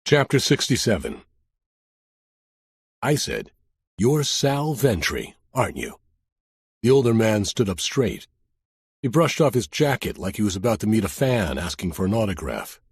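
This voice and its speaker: A man's voice: fairly low pitch, big pitch swings, moderate pace, pauses often, slightly rough, no echo. A man narrating a crime audiobook in the first person, with a dry, wry storytelling manner.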